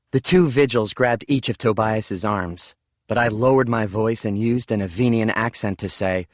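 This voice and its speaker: A man narrating a first-person audiobook in a measured, steady way. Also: on the low side, no room sound.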